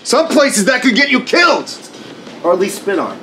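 A man's voice: extremely high pitch, sing-song, over music. An actor with a Boston accent playing a crude, sarcastic, hot-tempered convenience store clerk in his thirties. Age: 30s. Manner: crude, sarcastic, quick to explode. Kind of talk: sitcom acting.

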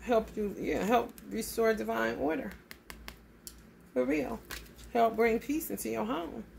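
Slightly high, creaky and a little slow, a woman's voice leads a casual tarot reading over faint background noise. She's blunt and animated, swears freely, and addresses her listeners as honey.

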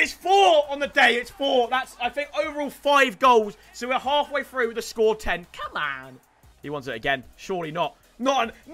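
A young man giving excited gameplay commentary, breaking into sudden shouts and repeating catchphrases. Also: extremely high pitch, moderate pace, soft background music. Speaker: gaming YouTuber.

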